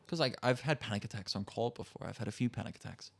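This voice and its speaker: Teenage guy, podcast guest, slightly low voice, casual candid chat, swears a lot. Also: quick pace, gravelly. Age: teens. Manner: candid, emotional storytelling with frequent swearing.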